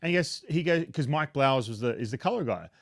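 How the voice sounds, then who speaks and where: Speaking from his home basement, this Australian retired pitcher and baseball analyst in his thirties keeps things relaxed and self-deprecating in a casual interview, often restarting his thoughts. He talks fast at an ordinary male pitch, with vocal fry. His voice is dry and close, with no echo.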